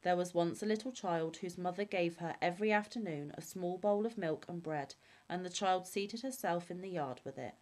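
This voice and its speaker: A woman reading old fairy tales aloud in a calm, measured way. Her voice sits on the low side, steady and unhurried. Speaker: storyteller. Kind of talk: fairy-tale read-aloud.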